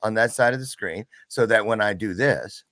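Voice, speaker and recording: A man's voice: on the low side, normal speed, fairly bright tone, dry recording. A man hosting an online talk show, playful and rambling, thinking aloud as he sets things up. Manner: playful, rambling, talks to himself. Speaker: show host. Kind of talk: casual interview chat.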